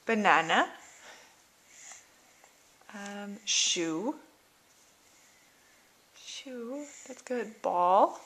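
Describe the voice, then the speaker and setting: A woman's voice: medium pitch, lively intonation, very slow, pauses often, fairly bright tone, husky. A woman at home quizzing a small child, patiently naming animals and repeating her questions, recorded on a handheld camcorder. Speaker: parent teaching a toddler sign language.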